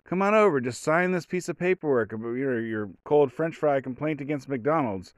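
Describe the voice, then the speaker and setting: A man's voice: medium pitch, lively intonation, moderate pace, no room sound, voice pushed up, close to an everyday voice. A man putting on the voice of police officers who coax a suspect in a falsely sweet, conciliatory tone. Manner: syrupy, conciliatory coaxing. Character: coaxing male cops, falsely sweet.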